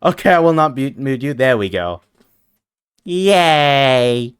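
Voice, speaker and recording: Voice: medium pitch, lively intonation, slow pace, smooth, no room sound, studio quality. A streamer chatting playfully with viewers during a long gaming stream, reading chat aloud and teasing back, sounding tired. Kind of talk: casual live-stream chat while gaming.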